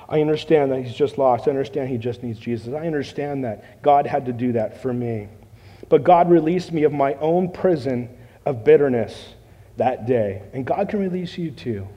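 A man giving a spoken church testimony, telling his story with lively acted-out quotes and frequent throat clearing. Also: fairly high pitch, highs cut off. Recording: long echo of a large hall.

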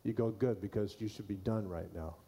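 A man's voice: fairly low pitch, fairly quick, warm tone, a little hiss or hum. A man preaching a sermon to his church, folksy and repeating key phrases for emphasis. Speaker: pastor.

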